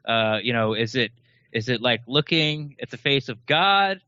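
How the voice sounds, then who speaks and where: A man's voice: medium pitch, animated, sharp tone, no room sound. A man co-hosting a podcast, asking questions in a joking, casual way. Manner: joking, quick interjections. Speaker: podcast co-host interviewer. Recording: dull lo-fi dry sound.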